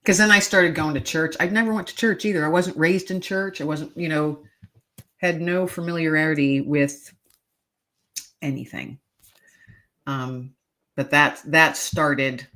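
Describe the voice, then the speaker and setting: A woman's voice: sits low, steady tone, a little slow, long pauses, fairly bright tone. A middle-aged woman, a podcast guest, telling a personal story earnestly and emotionally, with hesitant restarts.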